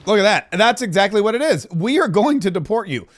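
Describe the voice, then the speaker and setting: A man's voice: high voice, sing-song, fairly quick. A man hosting a podcast, giving impassioned political commentary full of repetition and restarts. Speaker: podcast host.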